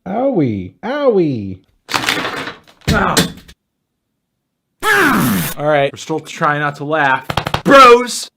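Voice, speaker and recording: A man doing a jokey try-not-to-laugh challenge commentary, excitable, breaking into yelps and shouted laughs. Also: on the high side, drawn-out words, long pauses, noisy background. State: in pain from a self-inflicted penalty. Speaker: YouTuber.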